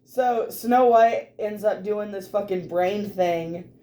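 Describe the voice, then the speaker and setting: A woman co-hosting a podcast, animatedly recapping a tabletop game, laughing often and swearing casually, her voice a little hoarse from laughter. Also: medium pitch, takes it slowly, dark tone.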